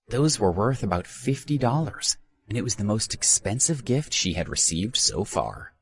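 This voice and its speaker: A man narrating an audiobook with a very deep voice. His pitch rises and falls a lot as he tells the story expressively. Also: big pitch swings, moderate pace.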